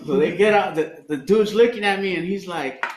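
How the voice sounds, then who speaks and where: This man's high voice has a darkish tone and moves at a normal speed. He's sharing openly at a recovery meeting, cursing and laughing as he goes, recorded in an echoey room with faint noise behind him.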